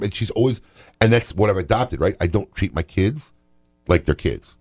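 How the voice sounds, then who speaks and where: A man's voice: deep voice, animated, normal speed, a little mellow, slightly rough. A male radio talk show host telling a story in casual banter, often tagging lines with "right?".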